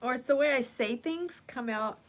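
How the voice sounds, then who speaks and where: Indoors under a bright light, a woman hosts a casual livestream, chatting bluntly and greeting viewers by name. Her voice is high-pitched and her pace moderate.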